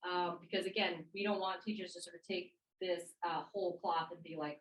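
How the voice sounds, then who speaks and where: A woman's voice: on the low side, moderate pace, few pauses, far from the mic, rough recording. A middle-aged woman who teaches kindergarten, talking casually at a workshop and acting out children's voices as she tells stories. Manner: lively, quotes kids in animated voices, laughs often. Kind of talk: casual talk at a professional workshop.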